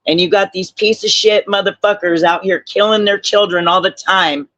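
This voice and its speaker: A man's voice: high-pitched, fairly even intonation, normal speed, hardly any pauses, bright, forceful tone, no room sound, muffled recording. An older man speaking as a guest on a live stream, blunt, heartfelt and swearing. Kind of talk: emotional live stream discussion.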